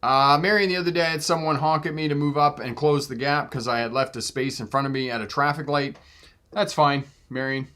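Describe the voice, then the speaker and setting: A man hosts a casual live Q&A as a driving instructor and channel host, chatting with viewers, laughing often, and acting out exchanges in different voices. His voice is a little high, steady, brisk, pushed, and bright.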